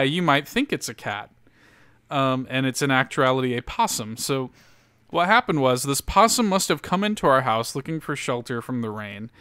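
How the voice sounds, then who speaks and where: A man's voice: mid-range voice, sharp tone, smooth, no echo, studio quality. A young man from Louisiana casually telling a long story on a podcast, with lots of fillers and cursing. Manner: rambling, profane, laid-back storyteller with many fillers. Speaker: podcast host.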